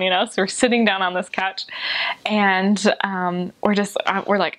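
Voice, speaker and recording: Young woman, former missionary, casual storytelling, chatty, lots of "like", high quoted voices. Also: brisk. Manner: animated, lots of filler "like", jumps into high voices when quoting.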